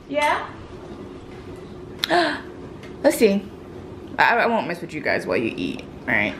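This young woman, a vlogger raising triplets, talks to her camera and her toddlers in a playful baby-talk lilt from her kitchen. Her medium-pitched, fairly bright voice swings hugely in pitch, moving slowly with long pauses. The room echoes and there's a little hiss or hum.

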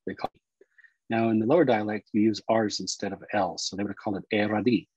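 A man teaching Cherokee words and culture, explaining slowly and repeating each word. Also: fairly low pitch, steady tone, a little mellow, husky, no room sound, dull audio. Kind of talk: explanatory lesson talk.

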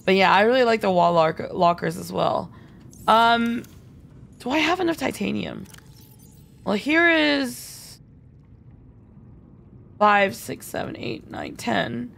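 A woman's voice: medium pitch, expressive, takes it slowly, vocal fry, long pauses, fairly bright tone. A woman streaming a game live, chatty and giggly, thinking aloud and answering viewer chat. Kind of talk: live gameplay commentary.

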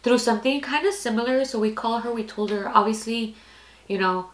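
A woman's voice: fairly high pitch, fairly quick. Candid young woman telling a story. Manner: candid, rambling, heavy use of "like". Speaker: storytime vlogger. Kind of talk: casual personal storytelling. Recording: echoey room.

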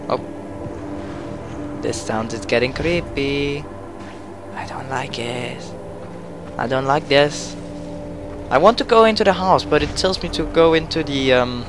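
Excitable gamer man yelling over game music. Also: mid-range voice. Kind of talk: let's play commentary. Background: game music and car sounds.

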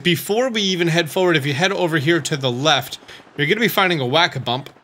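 A man's voice: fairly high pitch, lively intonation, quick pace, sharp tone. A man hosting a let's play, explaining the game in a casual, chatty way. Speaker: gaming channel host.

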